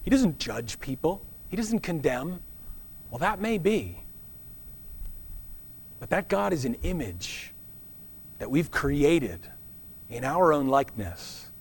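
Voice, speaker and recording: A man preaching a sermon to a congregation, earnest and measured, with dramatic pauses that slow down key words. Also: a little high, big pitch swings, slightly rough. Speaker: pastor.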